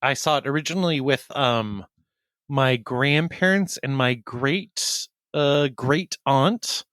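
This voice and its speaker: A man cohosting a film podcast, telling a story in an unhurried, reflective way. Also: medium pitch, a bit bright, clean tone, dry recording. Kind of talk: casual chat.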